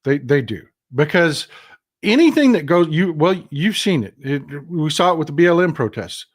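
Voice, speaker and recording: A man's voice: a little high, very animated, moderate pace. A man hosting a livestream talk show, earnestly explaining his views and questioning his guest. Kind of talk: conversational interview.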